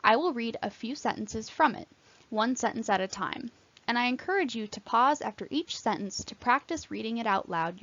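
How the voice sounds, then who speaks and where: A woman teaching Latin pronunciation in scripted narration, clearly and carefully sounding out example words. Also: on the high side, expressive, moderate pace, a bit bright, no echo, highs cut off.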